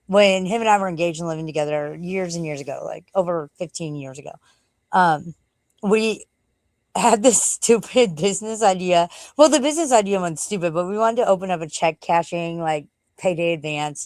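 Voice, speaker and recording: A middle-aged woman hosts a casual livestream from home as she walks out to her backyard. Her lowish voice comes at a moderate pace with no echo, and she rambles and swears offhandedly.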